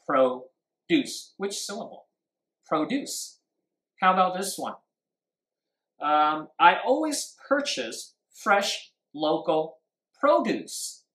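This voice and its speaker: A man with a fairly high voice teaches a live-stream lesson, repeating each point and putting questions to his viewers. The room around him rings with noticeable echo. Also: fairly bright tone. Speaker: English speaking teacher.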